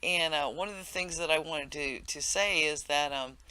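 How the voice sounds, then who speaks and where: Bright, rambling man narrating gameplay. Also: a little high, normal speed, clear, resonant tone. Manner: rambling, many fillers and self-corrections. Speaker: game tutorial narrator. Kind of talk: casual gameplay commentary.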